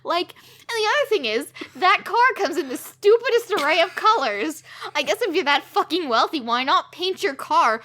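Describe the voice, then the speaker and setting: Young woman ranting on a podcast, high bright voice, swears and laughs a lot. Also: normal speed. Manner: swearing, laughing, animated rant. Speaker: podcast co-host. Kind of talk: casual podcast rant.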